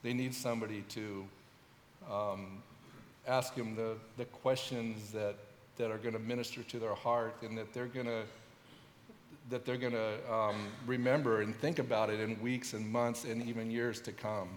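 A middle-aged man giving a testimony at a church service, speaking haltingly with many restarts and fillers. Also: lowish voice, little pitch movement, slight background noise. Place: large church hall. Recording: echoey church hall with long reverb.

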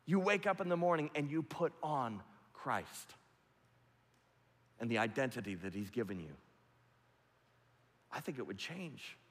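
A man pastor delivering a sermon, emphatic and repetitive, swinging from loud to hushed. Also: mid-range voice, lively intonation, a little slow, pauses often. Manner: emphatic, repetitive preaching with big swings in loudness. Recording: long hall reverb.

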